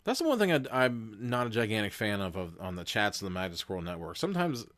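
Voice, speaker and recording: A man's voice: lowish voice, sing-song, fast talker, a bit bright. A young man hosting a live gamebook session, reading aloud and chatting casually, laughing often and swearing now and then. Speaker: host and narrator of a gamebook played live with chat votes.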